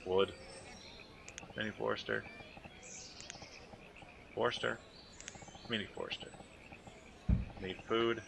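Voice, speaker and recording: A man's voice: lowish voice, steady tone, takes it slowly, creaky, long pauses, background noise. A man giving casual, thinking-aloud commentary while playing a city-building game. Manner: muttering to himself, thinking aloud. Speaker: gameplay commentator.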